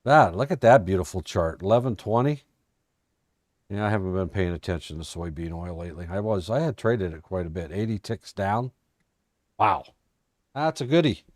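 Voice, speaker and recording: American man, lowish voice, folksy and joking, live trading recap, dry close mic. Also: animated, moderate pace, a little mellow, dry recording. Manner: folksy, joking, thinks aloud over charts. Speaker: trading educator. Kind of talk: casual live-stream market recap.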